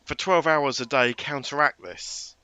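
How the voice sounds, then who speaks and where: A man's voice: fairly high pitch, unhurried, pushed and bright, smooth, no echo. A man guest on a film podcast, chatting casually with dry, wry asides and frequent restarts.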